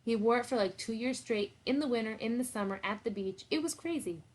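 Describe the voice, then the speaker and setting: A woman's voice: fairly high pitch, brisk, close to an everyday voice, rough recording. A woman reading aloud as a candid, matter-of-fact teenage girl. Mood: fond.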